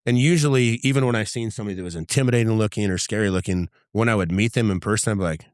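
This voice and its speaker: Low-voiced middle-aged man telling stories. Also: rapid-fire, no room sound, studio quality. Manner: vivid, profane anecdote-telling that acts out dialogue. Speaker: podcast guest, former undercover agent. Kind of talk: casual storytelling interview.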